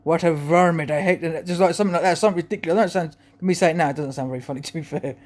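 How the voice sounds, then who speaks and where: A man's voice: fairly high pitch, racing, darkish tone. A man talking to camera in a rambling, chuckling monologue full of restarts. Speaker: vlogger.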